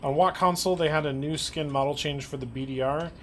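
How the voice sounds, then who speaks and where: Relaxed chatty male stream host. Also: fairly high pitch, fast talker, slight background noise. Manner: relaxed, chatty, laughs easily. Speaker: stream host reading chat. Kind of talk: casual livestream chat.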